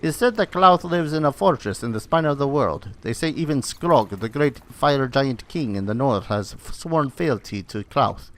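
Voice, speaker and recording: A man's voice: mid-range voice, lively intonation, normal speed, hardly any pauses, lightly acted. A man reading the lines of a proud captive barbarian warrior woman in a formal, solemn tone with a put-on accent. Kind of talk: reading game dialogue aloud.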